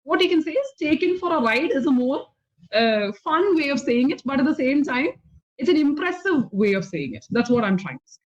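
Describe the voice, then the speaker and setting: This very animated, high-pitched woman speaks with an Indian English accent while teaching spoken English on a video call. Her explanations are slow and patient, punctuated by "okay?" check-ins, in slightly dull, lo-fi audio.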